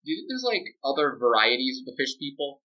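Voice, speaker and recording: A man's voice: medium pitch, sing-song, fast talker, dull audio. A man in casual, rambling conversation, brainstorming a story with a friend, playful and full of fillers.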